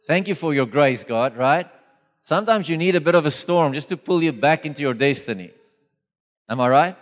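Animated preacher in a reverberant hall. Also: male voice, on the high side, normal speed. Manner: conversational, animated storytelling with acted quotes. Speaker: pastor. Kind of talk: sermon.

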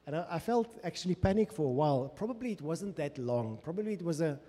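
Impassioned male preacher from South Africa, warm mellow tone, a little higher pitched, long hall reverb. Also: lively intonation, fast. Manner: impassioned, speaking as the psalmist in first person. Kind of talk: sermon. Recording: long echo of a large hall.

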